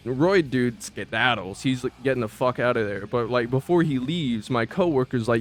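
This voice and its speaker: A vlogger casually swaps stories about his old job in slangy, profane language, stumbling over restarts as faint music plays behind him. His mid-range voice has big pitch swings at a normal speed.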